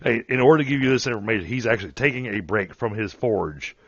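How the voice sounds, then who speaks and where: Game master, male, deep-ish voice, halting delivery, dry dull lo-fi mic. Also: a bit bright. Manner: halting, filler-heavy narration. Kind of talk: narrating a tabletop game.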